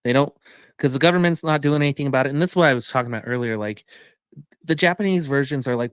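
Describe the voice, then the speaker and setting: A man's voice: mid-range voice, fast, smooth, no echo, studio quality. A man co-hosting a podcast, reviewing a movie in casual, enthusiastic chat full of fillers. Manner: rambling, enthusiastic, many fillers.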